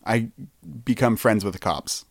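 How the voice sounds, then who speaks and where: A man's voice: fairly low pitch, measured pace, no echo. A man co-hosting a podcast, teasing and joking in casual banter. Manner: playful, teasing, dry jokes. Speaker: podcast co-host.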